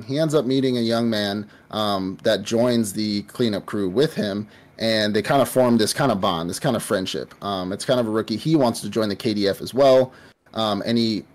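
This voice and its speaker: Pitched on the low side with a darkish tone, a male podcast host gives a loose, rambling recap of an anime. His casual chat is packed with curse words and fillers.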